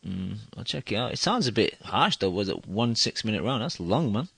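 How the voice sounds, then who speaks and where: A man's voice: on the low side, very animated, vocal fry, fairly bright tone, husky, no echo. A man hosting a podcast in casual chat over an online call, joking and firing off questions. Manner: quick, joking, asks questions. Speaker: podcast host.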